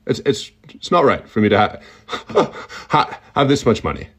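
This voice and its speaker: A man doing a comic impression of a middle-aged tech-mogul man, halting and rambling with a heavy, unpredictable stutter and a whistling, sibilant accent at the front of the mouth. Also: mid-range voice, sing-song, fairly bright tone, breathy edge. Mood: earnest. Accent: sibilant front-of-mouth accent, slightly whistling S.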